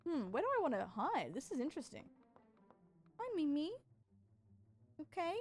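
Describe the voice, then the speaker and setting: A woman's voice: high-pitched, very animated, moderate pace, soft background music. Bubbly woman streamer. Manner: bubbly and playful, talks to chat. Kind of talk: casual sponsored livestream chat.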